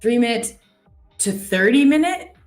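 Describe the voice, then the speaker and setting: A woman's voice: a little high, animated, a little slow, darkish tone, soft background music. A young Canadian woman hosting a live trading stream in casual chat, reading viewer comments aloud. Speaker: trading show host.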